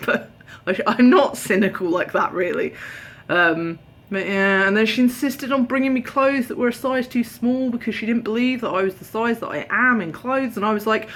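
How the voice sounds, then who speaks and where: Tired young british woman babbling to her phone at home, animated, whispers now and then. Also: on the high side, normal speed. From Britain. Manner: animated storytelling, acting out quoted voices, drops to a whisper. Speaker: vlogger. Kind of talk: casual chat. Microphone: camera held at arm's length.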